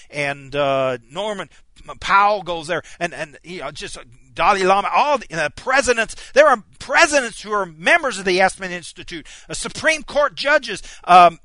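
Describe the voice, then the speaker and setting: A man preaching a sermon, impassioned, swinging from near shouts down to low, quiet asides. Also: no echo.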